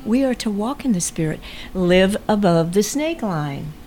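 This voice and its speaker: An older woman and grandmother giving faith-filled encouragement in a warm, unhurried way on a family podcast. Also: mid-range voice, expressive, a little hiss or hum. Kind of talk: casual family podcast chat.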